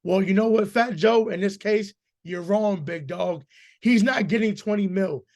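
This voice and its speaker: A hoarse man co-hosting a casual sports podcast, talking emphatically with lots of swearing and stammered repeats. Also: high voice, unhurried. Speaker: podcast co-host.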